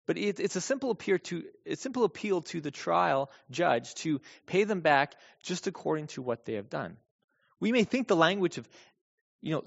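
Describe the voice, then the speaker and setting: Gravelly preacher in an echoing hall. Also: male voice, on the high side. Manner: emphatic, repeats key phrases for stress. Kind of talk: sermon. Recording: long hall reverb, dull lo-fi sound.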